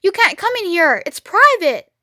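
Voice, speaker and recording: A woman's voice: extremely high pitch, big pitch swings, moderate pace, pushed and bright, dry recording, clean studio sound, voice pushed up, full character voice. A woman voicing a small, rude male rat who shrieks at intruders in a storybook. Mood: shrill. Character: snappish little male rat guarding his cellar.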